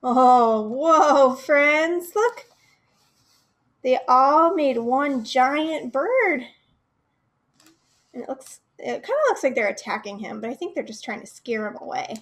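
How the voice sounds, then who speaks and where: At storytime, a young female children's librarian reads a picture book in a high, slow voice. She talks right to the children with lots of expression and poses questions to them.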